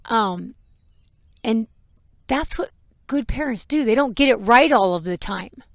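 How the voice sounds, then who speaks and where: A woman's voice: on the high side, lively intonation, unhurried, no room sound, studio quality. A mother hosting a podcast, telling a personal story in a frank, emotional way with laughs and the odd swear. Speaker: podcast host.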